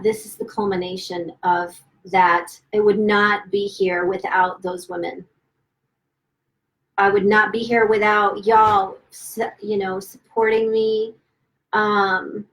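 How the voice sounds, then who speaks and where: A woman author on a livestream, emotional and close to tears, gushing with excitement and stumbling over her words as she celebrates her new book at home. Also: mid-range voice, rough recording. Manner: gushing and excited, halting with restarts. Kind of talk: casual livestream chat. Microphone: phone or webcam livestream.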